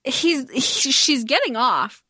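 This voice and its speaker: A woman with a high voice chats on a book podcast. She raises question after question about the plot and laughs between her points. The recording is dry and close. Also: very animated, slow, bright, forceful tone, breathy edge, no room sound. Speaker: podcast co-host. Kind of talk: casual book-discussion chat.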